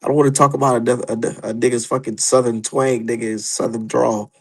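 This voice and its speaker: A young man rants in heated, profane, animated commentary as a boxing streamer. His voice is gravelly with a husky edge and sits at an ordinary pitch. He talks casually and gets worked up as he goes. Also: brisk, rough recording.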